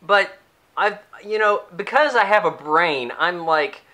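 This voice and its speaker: A man's voice: high voice, animated, takes it slowly, sharp tone. A young man giving a casual, sarcastic, rambling movie review, acting out the characters' lines as he goes.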